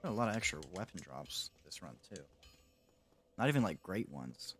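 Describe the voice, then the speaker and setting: A man's voice: low-pitched, big pitch swings, normal speed, a little hiss or hum. Chatty young man streaming a game. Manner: casual, chatty, reads and answers chat, laughs often. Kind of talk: live-stream gaming chat.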